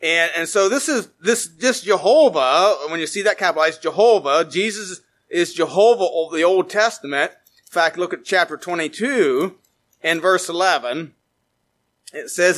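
In this sermon, a man serving as pastor reads passages of scripture, his delivery moving from forceful rises down to hushed, low moments.

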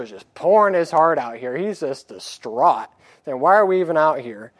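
A man's voice: fairly high pitch, animated, normal speed, no echo. A man preaching a sermon in a plain-spoken way, reading scripture aloud and acting out the pleading voices of the people. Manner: reads scripture aloud in a raised voice.

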